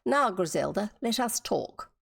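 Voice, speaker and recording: A woman voicing a male cuckoo bird who talks solemnly and in a measured, businesslike way in a storybook reading. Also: mid-range voice, very animated, vocal fry, slightly rough, full character voice.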